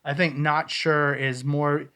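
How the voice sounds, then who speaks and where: A man's voice: fairly high pitch, flat delivery, slow, sharp tone, smooth. A man co-hosting a casual podcast, playfully bantering while reviewing ghost-hunt recordings. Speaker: podcast co-host.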